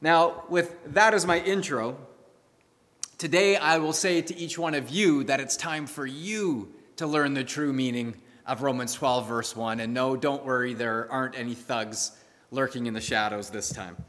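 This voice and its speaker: Earnest pastor preaching in a reverberant church. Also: male voice, mid-range voice, fairly bright tone. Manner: storytelling, earnest, measured preaching. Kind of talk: sermon. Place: church sanctuary. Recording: long reverb of a church hall.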